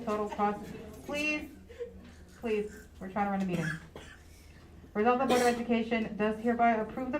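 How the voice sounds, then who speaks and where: A woman chairing a public school board meeting, briskly reading resolutions and calling the roll for votes. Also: medium pitch. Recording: echoey meeting room with room noise.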